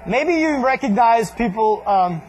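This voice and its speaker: A man's voice: very high voice, lively intonation, unhurried, a little mellow. A man preaching a casual sermon, conversational and joking, often quoting people in voices. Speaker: pastor.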